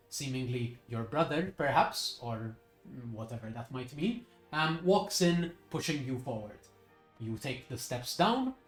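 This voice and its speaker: Casual male game master narrating, roomy echo, light music behind. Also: medium pitch. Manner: casual, with fillers and self-corrections. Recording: echoey room, faint music.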